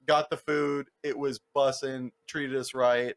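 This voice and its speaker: A young man telling stories on a podcast in a casual, animated way, with heavy swearing, lots of filler words and acted-out voices of the people in his stories. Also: mid-range voice, measured pace. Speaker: podcast co-host. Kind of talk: casual storytelling chat.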